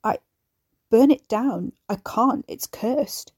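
A woman's voice: medium pitch, takes it slowly, mellow, breathy edge, no room sound, studio quality. A woman reading a grief-broken grown man. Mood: pleading. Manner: broken, gasping, pleading. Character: distraught grown man, grief-stricken and pleading.

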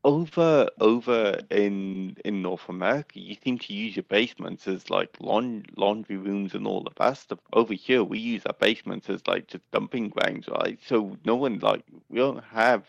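A man's voice: fairly low pitch, moderate pace, vocal fry, few pauses, no echo. A man from Britain explaining things at length in casual chat, with many fillers. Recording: dull lo-fi remote mic.

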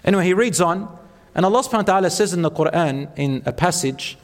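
A man's voice: high voice, lively intonation, fast, big-room sound. A man giving an earnest, encouraging religious talk, telling stories to an audience. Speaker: speaker at a talk.

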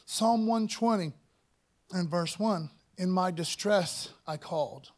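A man preaching a casual sermon as pastor, dropping "man" and "you know" asides and lifting his voice when he reads scripture. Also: slow pace. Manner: reads scripture louder and higher.

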